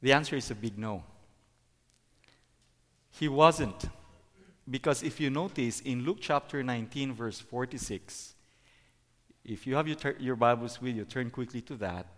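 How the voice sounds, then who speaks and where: A middle-aged man giving a sermon as a preacher, halting, with many fillers and restarts. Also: medium pitch. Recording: long hall reverb.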